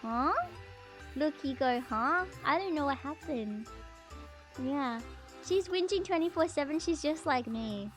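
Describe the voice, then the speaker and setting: Woman streamer, high voice, unhurried, playful casual chat with soft music behind. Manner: chatty and playful, jumping much higher when excited. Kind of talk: casual stream commentary reacting to a video.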